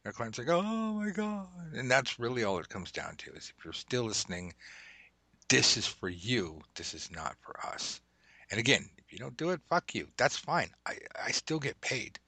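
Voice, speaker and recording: A man's voice: fairly low pitch, expressive, normal speed, gravelly, pushed and bright, breathy edge, no echo. A middle-aged man hosting a podcast in a blunt, profane, self-mocking way of casual chat. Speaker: podcast host and tarot teacher.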